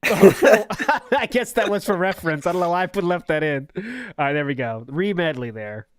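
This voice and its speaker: A man's voice: high-pitched, moderate pace. A man hosting a podcast, chatting casually and laughing often as he introduces clips. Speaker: podcast host. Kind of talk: casual chat.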